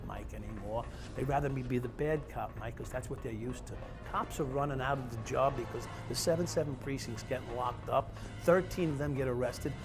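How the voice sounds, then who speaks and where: Middle-aged new guy, ex-cop, swearing and confessing, raspy throat, music underneath. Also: medium pitch. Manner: blunt, profane, confessional. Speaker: former police officer. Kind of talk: candid storytelling. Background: music playing.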